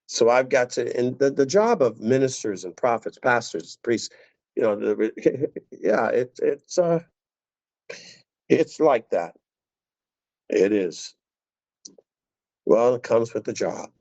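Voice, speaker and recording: A man preaching a sermon as a pastor in a conversational, animated way. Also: mid-range voice, slow, pauses often. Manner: conversational, animated, laughing asides. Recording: dull lo-fi dry recording.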